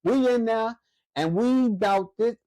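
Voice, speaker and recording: A man spins stories in a relaxed podcast chat, acting out what people said. His voice sits high for a man. The sound is close and dry. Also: unhurried, no room sound. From Chicago. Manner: animated storyteller, acts out quotes. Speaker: podcast co-host. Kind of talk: casual chat.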